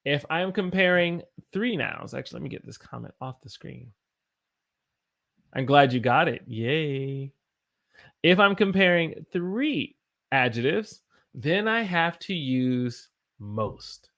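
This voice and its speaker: A man's voice: a little high, lively intonation, unhurried, vocal fry, fairly bright tone. An American man teaching an English lesson on a live stream, chatting with viewers, stopping to correct himself and hunt for examples. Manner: stops to self-correct and search for examples.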